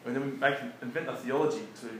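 A man preaching in a relaxed, conversational way, often chuckling between his points. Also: medium pitch, fast. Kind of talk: conversational sermon. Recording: echoey room with faint background noise.

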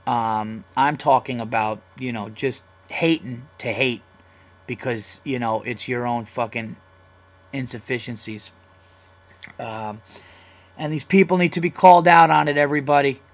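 A young man hosting his own podcast, talking in a loose, profane, rambling way that gets excitable. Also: medium pitch, unhurried. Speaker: podcast host. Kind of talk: casual solo podcast rant.

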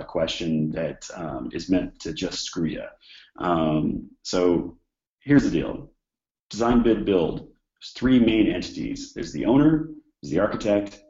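Male instructor with a cold, very low and husky-sounding, talks loosely with lots of fillers; roomy, dull sound. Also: darkish tone. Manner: conversational, many fillers and restarts. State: hoarse from a cold. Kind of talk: informal exam-prep lecture.

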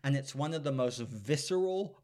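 A man of ordinary pitch chats eagerly on a podcast, retelling favorite movie scenes. He drops into the characters' lines now and then, full of enthusiasm. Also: expressive, normal speed, a little mellow. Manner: enthusiastic, acts out film lines in quotes. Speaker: podcast co-host. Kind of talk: casual chat.

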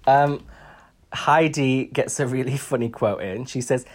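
A man co-hosting a podcast in casual, self-mocking, expressive chat. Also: medium pitch, unhurried. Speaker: podcast co-host.

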